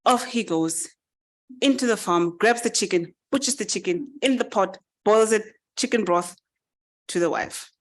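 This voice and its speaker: A woman giving a speech, narrating a farmyard fable with lively, animated delivery. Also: medium pitch, moderate pace. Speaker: summit speaker. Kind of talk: storytelling speech.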